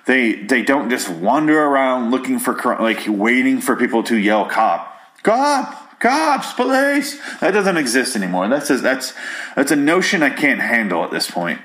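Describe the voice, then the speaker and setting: A man's voice: mid-range voice, normal speed, a bit bright. A man giving a rambling, profane, sarcastic recap of a movie, now and then putting on silly voices for its characters. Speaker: film recap commentator. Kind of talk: casual solo movie recap.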